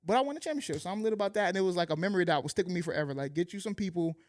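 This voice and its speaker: Slightly high-voiced man, slangy and relaxed. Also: rapid-fire, dry recording, clean studio sound. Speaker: podcast co-host. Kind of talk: casual chat.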